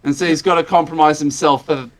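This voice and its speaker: A man co-hosting a casual podcast, agreeable and quick with short affirmations. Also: fairly high pitch, fairly even intonation. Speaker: podcast co-host.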